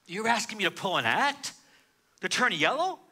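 Casting: a man doing a cocky doomed gangster, high, bright, brash and loud. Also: big pitch swings, moderate pace, heavily acted. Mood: defiant. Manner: brash, incredulous, shouting. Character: defiant tough-guy gangster facing execution.

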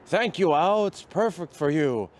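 A man's voice: on the high side, expressive, a little slow. A man voicing a scared little girl ghost in a storybook, pleading and breathless as she searches. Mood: hopeful.

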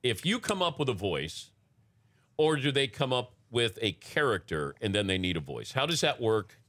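A man's voice: mid-range voice, very animated, fairly bright tone. Conversational male talk show host. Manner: quick questioning, conversational. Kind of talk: casual interview.

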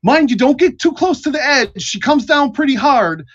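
A man's voice: very high voice, very animated, moderate pace, pushed and bright, highs cut off, pitched above the performer's own voice, full character voice. A man voicing a crude, bossy male guard who barks orders from a tower. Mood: barking. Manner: barking, coarse.

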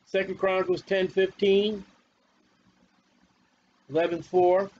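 Fiery high-voiced male preacher. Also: little pitch movement, takes it slowly, muffled recording. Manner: fiery, confrontational, repetitive. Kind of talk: sermon.

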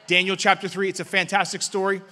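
A male pastor preaching a sermon in a church, urging the crowd to answer back and swinging between loud calls and hushed words. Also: high-pitched, monotone, quick pace. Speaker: guest pastor. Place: church sanctuary. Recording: long reverb of a church hall.

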